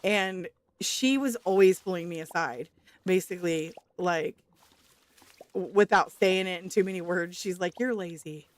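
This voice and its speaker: A woman's voice: fairly low pitch, measured pace, dry recording. A woman streaming a farming game, chatting casually with viewers, reading their messages aloud and laughing often.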